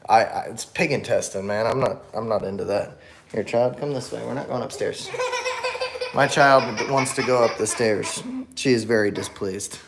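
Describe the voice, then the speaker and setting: A young man hosts a casual livestream and answers viewers' comments as they come in. He talks in a relaxed, rambling way, full of fillers, false starts and self-corrections. At times a small child cries somewhere in the home behind him. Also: mid-range voice, moderate pace, creaky, heavy background noise. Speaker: livestream host reading chat. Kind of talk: casual chat. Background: a small child crying at times.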